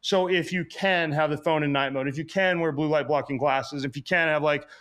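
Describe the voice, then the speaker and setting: A man speaks as a guest on a podcast with a slightly high voice. He explains health habits at a quick clip, in a casual way full of fillers. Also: steady tone, fairly bright tone. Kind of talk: casual interview chat.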